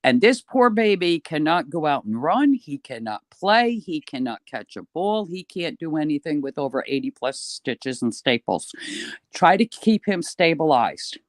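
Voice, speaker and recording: A man's voice: fairly high pitch, unhurried, no room sound. Chatty older man from New York. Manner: chatty storyteller, lively and swearing now and then. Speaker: guest. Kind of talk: casual chat.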